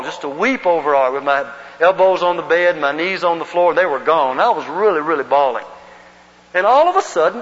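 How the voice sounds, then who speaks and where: A man's voice: on the high side, fairly bright tone. A man from the Southern United States teaching an evangelism class at church, telling a personal story earnestly and leading the group in reciting verses. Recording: muffled recording in a long-reverb hall.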